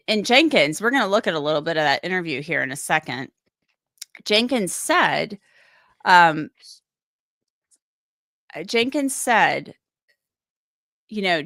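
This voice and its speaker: A woman's voice: on the low side, very animated, measured pace, pauses often, sharp tone, no room sound, studio quality. Chatty woman hosting a crime podcast. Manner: chatty, rambling, acts out quotes. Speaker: true crime show host. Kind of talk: casual podcast discussion.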